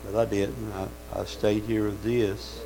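Man preaching, gravelly voice, folksy fervor, faint hum behind. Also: fairly low pitch, little pitch movement, unhurried. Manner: folksy, fervent, calls out amens. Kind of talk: sermon.

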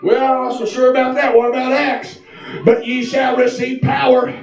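A man preaching a fiery sermon in a church, shouting in a sing-song preaching cadence. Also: very high-pitched, completely flat delivery, moderate pace, music in the background. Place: church sanctuary. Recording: echoey church from far off.

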